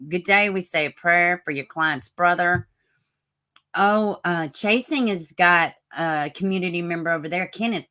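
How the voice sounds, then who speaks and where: Low raspy-voiced woman streamer. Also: fairly bright tone. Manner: chatty, greets viewers by name, asks for prayers. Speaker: livestream host. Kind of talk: casual live-stream chat, reading comments and news.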